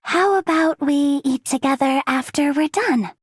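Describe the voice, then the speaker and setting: A woman's voice: high voice, measured pace, no echo, clean studio sound. An actress voicing a polite, caring young female medic in a video game, with an American accent. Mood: friendly. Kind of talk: game voice acting.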